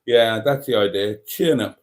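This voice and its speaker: A man's voice: on the low side, moderate pace. A man with a Welsh accent hosting a casual live stream, chatty and self-mocking, laughing often.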